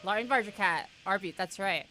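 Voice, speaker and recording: A woman's voice: mid-range voice, fairly quick, bright, forceful tone, a little hiss or hum. A young woman streaming a horror game, rambling and joking casually with her chat between moments of play. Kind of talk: casual gameplay commentary.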